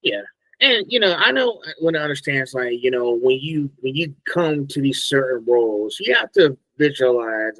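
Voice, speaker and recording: A man's voice: mid-range voice, big pitch swings, a bit bright, no echo, poor audio. Male host asking questions in a dry voice. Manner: halting, reads out questions slowly with ums. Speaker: podcast host. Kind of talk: casual interview questions.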